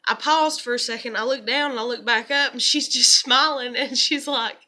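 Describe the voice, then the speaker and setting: A young woman vlogging in an unplanned, rambling monologue, an animated storyteller who fills her talk with "you know". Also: on the high side, moderate pace.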